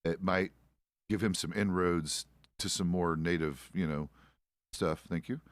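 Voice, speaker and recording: A man's voice: sits low, steady tone, measured pace, no room sound. A middle-aged man, a roleplay streamer, chatting out of character in a laid-back, rambling, profane way. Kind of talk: casual out-of-character chat.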